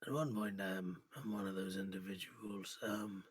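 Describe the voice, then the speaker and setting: A man's voice: low voice, steady tone, moderate pace, husky. A man playing in a tabletop game, describing his character's actions in a hesitant way with frequent trailing off. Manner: hesitant, trails off, many fillers. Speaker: player. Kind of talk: tabletop role-play chat.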